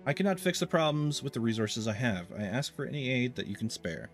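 A man's voice: mid-range voice, big pitch swings, fairly quick, faint music behind. A man reading out a weary Norse jarl's plea. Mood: pleading. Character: Norse male jarl petitioning his lord.

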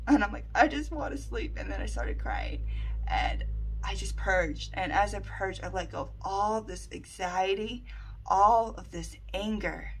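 Husky lower-pitched woman, 30s, animated storytelling vlog, lots of "like" and "right?". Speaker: vlogger. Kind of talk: personal storytelling to camera.

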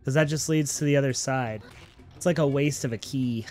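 A man's voice: mid-range voice, a little fast, darkish tone, faint music behind. A man hosting a gaming channel, giving upbeat, chatty let's-play commentary and talking playfully to his viewers.

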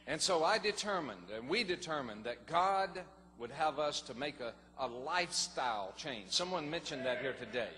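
Man, pastor, middle-aged, sermon, fairly high bright voice, reverberant hall. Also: moderate pace, hardly any pauses. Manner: folksy storytelling, animated. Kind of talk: sermon testimony. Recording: long hall reverb, faint noise.

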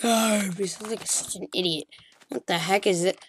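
A woman giving casual, excitable commentary while playing a game, chattering at the creatures on screen and calling out to them. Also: medium pitch, moderate pace, husky. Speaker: gaming channel host.

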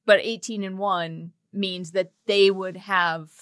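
A woman in her thirties co-hosting a sports podcast, chatting casually with playful, quick banter. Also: medium pitch, steady tone, dry recording. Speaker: co-host.

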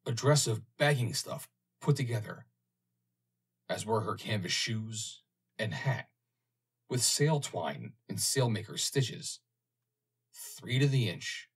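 A man reading an audiobook, narrating in a measured, expressive way. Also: fairly low pitch, husky.

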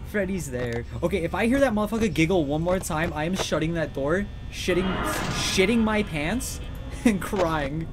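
A streamer with a medium-pitched, expressive voice plays a horror game live at a moderate pace. Between scares they panic, swear, giggle nervously and greet chat, with game music and sounds in the background.

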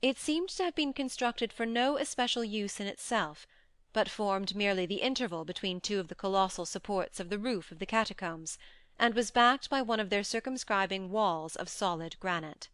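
A woman narrating a classic short story as an audiobook, in measured, steady storytelling. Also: medium pitch, clear, resonant tone, no echo. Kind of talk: scripted narration.

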